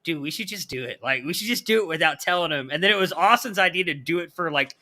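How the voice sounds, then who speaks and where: A man chatting on a podcast over a video call, his voice sharp and bright and a touch higher than most men's. He rambles through stories, padding them with filler words. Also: lively intonation, quick pace. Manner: rambling, filler-heavy storytelling. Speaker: podcast co-host. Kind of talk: casual chat.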